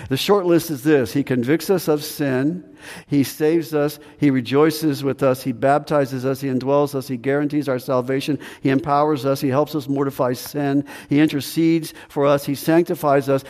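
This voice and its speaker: A man's voice: fairly high pitch, darkish tone, long reverb tail. A male pastor preaching a sermon in an earnest, repetitive way.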